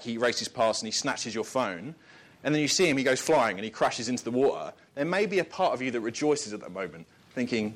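A man preaching a sermon in a relaxed, conversational voice at an ordinary middle pitch. He asks the listeners rhetorical questions and chuckles at his own asides between points.

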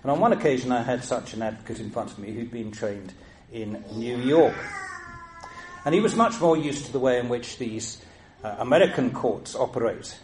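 An older man, a former judge giving a lecture full of anecdotes, in a dry, measured way with self-mocking wit. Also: medium pitch, a little mellow.

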